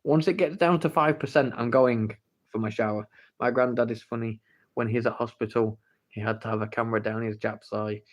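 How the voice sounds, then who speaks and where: Speaking fairly quickly with fairly even intonation, this mid-range male voice belongs to a livestream host from England. Recorded on a phone, he works through the chat in a relaxed stream, teasing viewers and begging them for the story.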